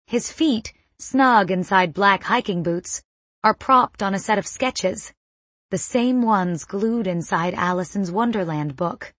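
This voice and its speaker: A woman reading a first-person story aloud in a measured, vivid narration. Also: mid-range voice, fairly bright tone, dry recording. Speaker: audiobook narrator.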